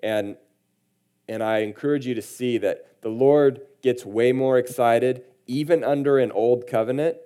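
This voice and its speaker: A man's voice: medium pitch, a little slow, warm tone, clear, resonant tone. A man preaching a sermon, reading scripture aloud with emphasis and then commenting on it in a conversational way. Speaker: pastor.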